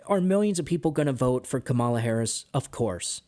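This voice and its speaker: A man's voice: mid-range voice, lively intonation, fairly quick, dark tone. A man from the United States hosting a political commentary show, talking in a heated, exasperated monologue and often ending lines with "man". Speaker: host.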